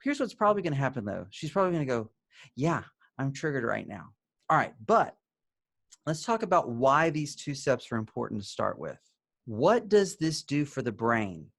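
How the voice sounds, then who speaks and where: A middle-aged man gives a conversational video lesson on relationships. His voice sits a little higher than most men's. He asks questions and answers them himself, and drops into a soft, gentle tone when he acts out example phrases. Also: big pitch swings, moderate pace. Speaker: therapist teaching couples.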